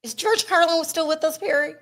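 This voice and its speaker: A woman hosting a casual livestream chat, talkative and expressive, laughing often. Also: sits high, fairly quick. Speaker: host.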